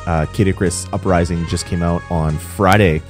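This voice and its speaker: A man's voice: low-pitched, fairly even intonation, normal speed, over music. A young man hosting a casual gaming podcast, chatty and rambling, laughing easily. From Canada. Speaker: podcast host.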